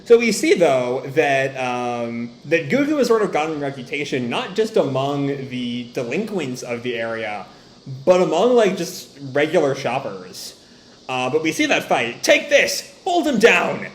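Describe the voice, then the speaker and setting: Animated man in an echoey room. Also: mid-range voice, moderate pace, a little hiss or hum. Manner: animated, laughs often, tangents. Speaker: manga reaction host. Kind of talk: casual reading and commentary.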